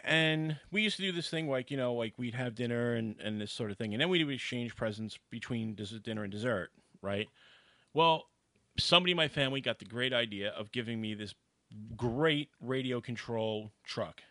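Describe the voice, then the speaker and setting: A man from New York telling a long, animated childhood story in casual chat on a podcast. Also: medium pitch, normal speed, dry recording. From New York, USA.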